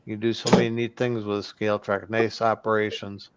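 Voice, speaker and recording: A man's voice: on the low side, little pitch movement, a little fast, highs cut off, heavy background noise. A man joining a casual model railroad chat, friendly and joking as he talks.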